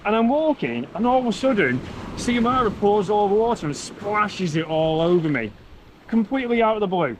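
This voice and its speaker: A man's voice: sits high, lively intonation, fairly quick, a little hiss or hum, rough recording. A man with a Warrington accent, chatting casually while walking along a beach, telling stories in a self-mocking way. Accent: northern English, Warrington. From England. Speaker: travel vlogger. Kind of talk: casual walking vlog chat. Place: outdoors on a beach.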